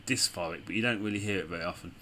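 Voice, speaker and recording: A man's voice: low voice, very fast, bright, forceful tone, slight background noise. A man giving casual, chatty commentary on a game with sarcastic asides. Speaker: gaming video host.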